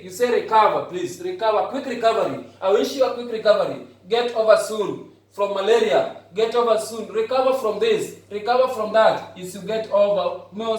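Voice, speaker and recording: A man teaching English vocabulary to a class, patiently repeating each phrase slowly to drive it home. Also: high-pitched. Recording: very echoey room, voice far off.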